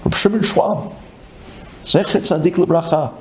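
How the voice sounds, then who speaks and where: A man's voice: moderate pace, a little hiss or hum. A male rabbi giving a sermon and telling the story dramatically, with Hebrew and Yiddish terms in his English. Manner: animated storytelling with big swings in pitch and volume.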